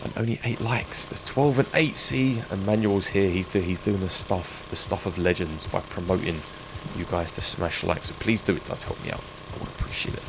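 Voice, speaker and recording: A man's voice: deep voice, normal speed. A man chatting and joking with viewers while he streams a game. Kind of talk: live gameplay stream chat. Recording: game sound noise behind.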